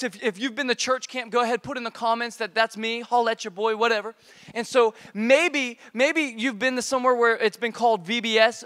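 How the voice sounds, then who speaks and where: A man preaching a casual youth sermon as pastor, energetic and joking, recorded live in a church. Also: extremely high pitch. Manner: energetic, playful, joking with repeated slang. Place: church auditorium, live service. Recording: long reverb of a church hall.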